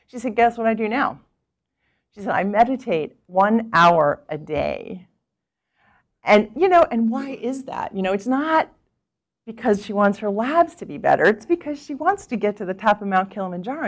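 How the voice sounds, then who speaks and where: A middle-aged woman physician giving a talk, telling patient stories and acting out what people said, with frequent restarts. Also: medium pitch. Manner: animated storyteller, acts out quoted people with laughs; thinks aloud with restarts and fillers. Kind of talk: conference talk with storytelling.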